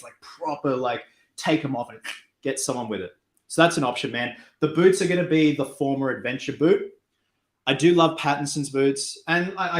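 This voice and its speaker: An Australian man hosting a casual livestream, chatting loosely and thanking viewers for donations while crafting. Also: mid-range voice. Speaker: cosplay livestream host. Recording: echoey room.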